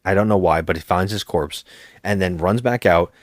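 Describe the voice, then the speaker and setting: A man's voice: low-pitched, normal speed, no room sound, studio quality. A man co-hosting a movie podcast, retelling a film's plot in casual chat and acting out the characters' lines. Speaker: podcast co-host.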